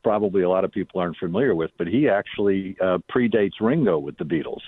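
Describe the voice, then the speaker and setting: A man's voice: low-pitched, expressive, quick pace, breathy edge, no room sound. Middle-aged man talking over a tinny phone line. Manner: chatty, storytelling, frequent restarts. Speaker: radio guest, former state senator. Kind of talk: casual radio call-in chat.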